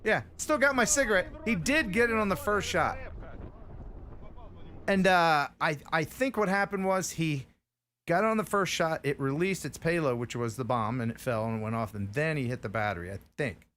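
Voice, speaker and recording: A man's voice: on the high side, lively intonation, moderate pace, fairly bright tone, slight background noise. A man hosting a casual livestream, making sarcastic, joking asides about the news. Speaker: host.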